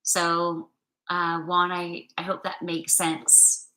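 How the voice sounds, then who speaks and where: Slow-talking bright-voiced woman card reader. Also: lowish voice, monotone, echoey room, poor audio. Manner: chatty, upbeat, loose and playful. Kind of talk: channelled weekly card reading.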